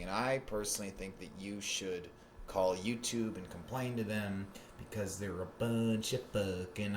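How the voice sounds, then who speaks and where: Sarcastic, rambling podcast host, roomy echo. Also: male voice, lowish voice, a little hiss or hum. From South Florida. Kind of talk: comedic podcast monologue. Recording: roomy echo with faint ambience.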